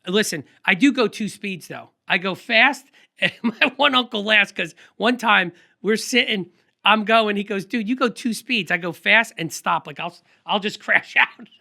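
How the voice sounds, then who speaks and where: Male podcast guest, high bright voice, lively rambling storyteller. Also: gravelly. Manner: energetic, rambling, quick anecdotes with laughs. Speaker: guest photographer. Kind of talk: casual storytelling interview.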